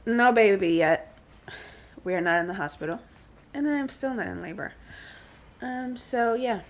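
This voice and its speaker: A young woman vlogging casually about her pregnancy, chatty and excitable, full of fillers. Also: medium pitch, takes it slowly, pauses often.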